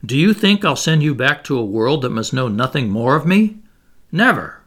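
A man voicing a stern, reclusive submarine captain who speaks in a cold, measured, commanding way. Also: mid-range voice, big pitch swings, a bit bright.

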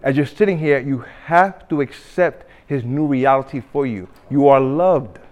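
A man preaching a sermon, telling a story with acted-out quotes and swings between loud and hushed delivery. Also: medium pitch, moderate pace, lo-fi sound. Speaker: pastor.

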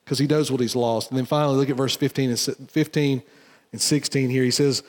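A pastor giving an earnest sermon, swinging between loud emphatic lines and hushed, low ones. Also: male voice, steady tone, quick pace. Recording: church hall reverb.

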